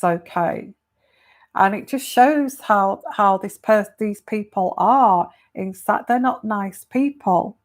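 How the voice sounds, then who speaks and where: A woman from the United Kingdom, a tarot reader, talking casually to viewers and giving advice in a slow, hesitant way with many fillers. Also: mid-range voice.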